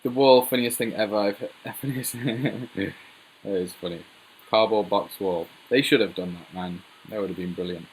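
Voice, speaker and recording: A man's voice: fairly low pitch, moderate pace, slight background noise, rough recording. A man hosting a casual live Q&A stream, joking and rambling as he laughs at his own jokes. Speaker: livestream host.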